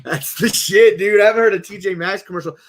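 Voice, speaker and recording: A man's voice: sits high, fast. A man hosting a casual livestream at home, joking and swearing loosely. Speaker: livestream host.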